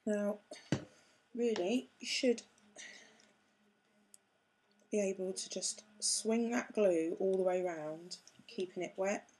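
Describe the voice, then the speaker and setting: A woman's voice: medium pitch, fairly even intonation, slow pace, pauses often, darkish tone, slight background noise. A woman chatting casually as she demonstrates a craft project step by step, joking at her own expense as she works. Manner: chatty, self-mocking, talks while working with hands. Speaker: craft tutorial host.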